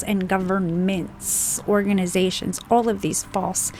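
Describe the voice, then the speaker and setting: A woman giving an emphatic, unscripted spiritual monologue, stressing points with swearing and slow, deliberate phrasing. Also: medium pitch, gravelly, a little mellow, slight background noise. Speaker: spiritual channel host.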